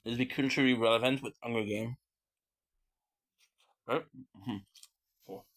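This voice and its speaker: A man's voice: mid-range voice, fairly even intonation, a little slow, fairly bright tone. A man streaming and chatting casually while he eats, joking and rambling with lots of fillers and murmurs of enjoyment. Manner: joking and rambling, with many fillers and food sounds.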